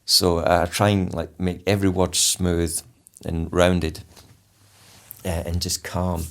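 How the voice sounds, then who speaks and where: A man, a polar explorer, talking in an interview and telling a story vividly, calmly and deliberately stressing key words. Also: sits low, gravelly. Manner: vivid storyteller who re-enacts his own instructions. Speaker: polar explorer and charity founder, interview guest.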